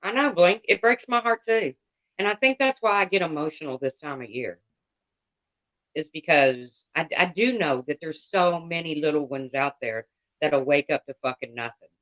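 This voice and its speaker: A woman's voice: low voice, moderate pace, fairly bright tone. A woman livestreamer ranting to her chat in a blunt, heated, profane way. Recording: dull lo-fi sound.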